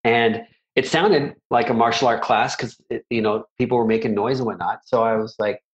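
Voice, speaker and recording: A man's voice: mid-range voice, normal speed, hardly any pauses, dull audio. A middle-aged man, a martial arts instructor, telling stories in a casual interview, rambling and self-deprecating with many restarts.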